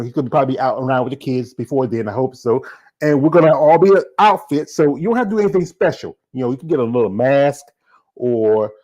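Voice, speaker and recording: A Southern American man hosts a loose, casual show wrap-up. He talks quickly and stumbles through restarts and fillers like "you know" as he goes. His voice sits at an ordinary middle pitch for a man. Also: a little mellow. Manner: fast talking with many fillers and restarts. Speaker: show host.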